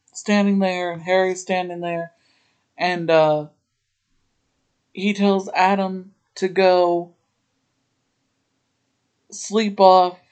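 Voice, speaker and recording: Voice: medium pitch, a little mellow. A podcast host giving a casual, chatty recap of a TV episode, wandering into asides as they go. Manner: meandering, chatty retelling with asides.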